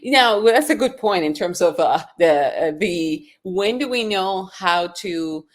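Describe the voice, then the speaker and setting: A woman's voice: fairly low pitch, expressive, a little slow. A woman hosting an interview podcast, asking thoughtful questions with hesitant restarts. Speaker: podcast host. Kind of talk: casual interview.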